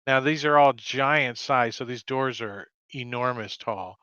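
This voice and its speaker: A man running a tabletop game as game master, describing scenes in an unhurried way with hesitant fillers. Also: medium pitch, pushed and bright, clear, resonant tone, no echo, lo-fi sound.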